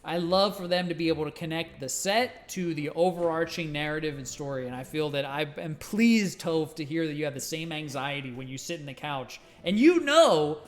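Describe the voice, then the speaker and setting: A man's voice: fairly high pitch, lively intonation, normal speed, few pauses, soft background music. A man co-hosting a casual streamed chat show, rambling and emphatic, swearing casually. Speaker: co-host.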